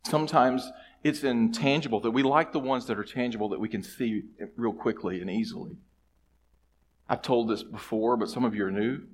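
A middle-aged male pastor telling a story in a church sermon, shifting between hushed asides and loud, emphatic lines. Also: medium pitch, moderate pace, slight background noise. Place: church sanctuary.

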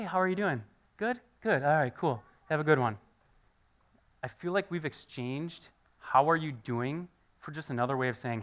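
A man preaches a conversational sermon, his voice bright and forceful. He tells everyday stories and plays the people in them with lively energy. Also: medium pitch. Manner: animated storytelling, acts out quoted voices. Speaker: pastor.

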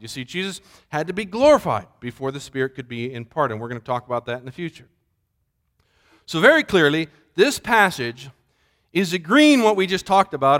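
A man preaching a sermon, asking rhetorical questions and dropping to a low, soft voice. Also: long reverb tail.

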